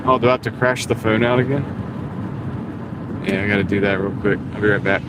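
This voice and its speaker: A man's voice: on the low side, brisk. Easygoing man with a mild Southern accent. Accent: mild Southern, North Carolina. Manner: easygoing, chatting with viewers while driving. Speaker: gig delivery driver streaming live. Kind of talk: casual live-stream chat. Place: inside a car. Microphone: wireless mini mic with phone. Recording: steady car and road noise.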